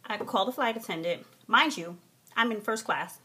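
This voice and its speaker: A young woman vlogging from a hotel room, telling a story in a casual, animated, profane way and mimicking the people in it. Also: medium pitch, normal speed, slightly rough.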